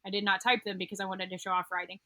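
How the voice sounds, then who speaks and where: A woman's voice: medium pitch, flat delivery, racing, pushed and bright, no echo. A young woman, a podcast guest, telling a personal story in casual interview talk, rambling with many fillers and restarts. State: getting emotional. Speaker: podcast guest, occupational therapist.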